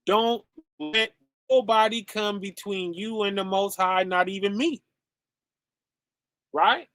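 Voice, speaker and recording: A man's voice: high-pitched, slow pace, pauses often, a bit bright, no room sound, clean studio sound. A man hosting a show, giving preachy commentary full of rhetorical questions and "okay?" tags. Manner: emphatic, peppers lines with "okay?" and "right?". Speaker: podcast host.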